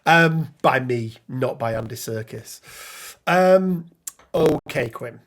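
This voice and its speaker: A man's voice: medium pitch, expressive, takes it slowly, fairly bright tone. A man co-hosting a casual tabletop game discussion, chatty, with frequent ums and restarts as he reads out card rules. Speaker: podcast co-host.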